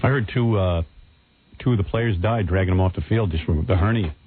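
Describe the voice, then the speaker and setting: A man's voice: low-pitched, a little fast, husky. A man hosting a radio talk show with blunt, sarcastic banter, heard on a tinny lo-fi radio recording.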